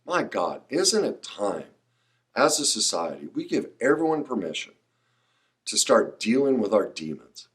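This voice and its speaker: In an unhurried, lowish voice, a middle-aged podcast host delivers an impassioned monologue on his own. He presses his points emphatically, can sound preachy, and climbs to excited outbursts.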